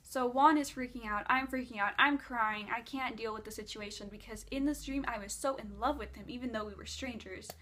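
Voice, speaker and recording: A woman's voice: a little high, brisk, few pauses, a bit bright. A woman vlogger casually telling a long dream story, rambling with lots of "like".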